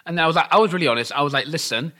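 A young man tells a story in casual chat. His voice is bright and forward. He slips into the voices of the people he quotes and laughs along with the telling. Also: a little high, rapid-fire. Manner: animated, acts out quotes, laughs while telling.

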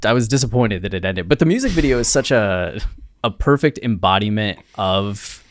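Playful low-voiced male podcast co-host. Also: lively intonation, normal speed, a little hiss or hum. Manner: playful, rambling storyteller with many fillers. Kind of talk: casual chat.

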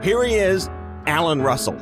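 A man's voice: on the high side, very animated, moderate pace, music in the background. A man from New York hosting a podcast interview, teasing and joking with his guest. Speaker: podcast host. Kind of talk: casual interview.

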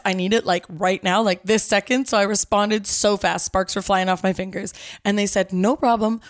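Animated woman telling a story, close and dry. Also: mid-range voice, no echo. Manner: lively, acts out quoted voices, says "like" often. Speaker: podcast host. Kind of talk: casual storytelling.

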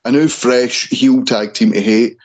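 A man's voice: medium pitch, fairly even intonation, a little slow, a little mellow, rough recording. A man hosting a casual wrestling chat podcast, tripping and restarting over names. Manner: stumbles and repeats words on names. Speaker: podcast host.

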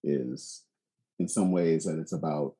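Very deep, husky-voiced man. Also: a little slow, dark tone. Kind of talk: casual conversation.

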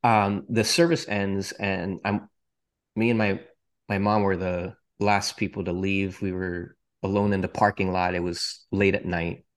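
A man's voice: low-pitched, level tone, measured pace. A male podcast host candidly and earnestly telling his personal faith testimony, with touches of self-deprecating humor.

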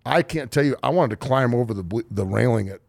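A man's voice: mid-range voice, animated, fast, vocal fry, no room sound. A man in his forties, talking casually about sports as a podcast host, heated, profane and emotional. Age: 40s. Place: studio.

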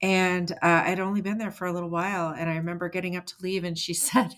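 A woman's voice: fairly low pitch, flat delivery, brisk, a bit bright. A woman co-hosting a business podcast, sharing a work anecdote in a friendly, agreeing way. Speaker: podcast co-host. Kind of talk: casual podcast chat.

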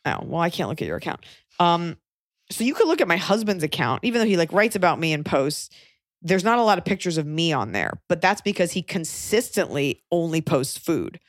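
Brief: woman podcast host, low voice, close dry mic, chatty and blunt. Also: very animated, a little fast, dry recording. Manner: chatty, frank, joking asides. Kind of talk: casual podcast chat, advice.

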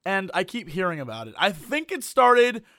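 An excitable man co-hosting a casual chat, laughing a lot and reacting loudly. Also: sits high, moderate pace, dry recording, clean studio sound. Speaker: podcast co-host.

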